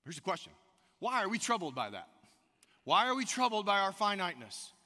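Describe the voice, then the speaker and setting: Animated preacher man in an echoey hall. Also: sits high, fairly quick. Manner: animated storytelling, rising to loud outbursts; addresses the congregation directly with questions. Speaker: pastor. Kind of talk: sermon.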